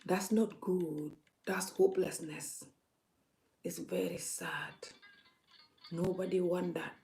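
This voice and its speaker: A woman vlogger speaks straight to her viewers in an impassioned, preachy way. She leans hard on her points, and her voice sits fairly low. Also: steady tone, slow pace, creaky, dark tone, a little hiss or hum. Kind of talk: casual live vlog talk.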